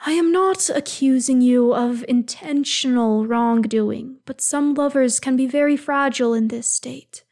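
Woman doing a stern elf lord, formal and measured, a bit high, fanfic reading. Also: a little mellow. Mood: firm, stern. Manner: measured, formal, firm then soothing. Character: older male elf lord, stern yet caring.

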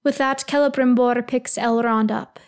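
A woman calmly reading fan fiction aloud, telling the story in an even voice. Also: fairly high pitch, moderate pace. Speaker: reader.

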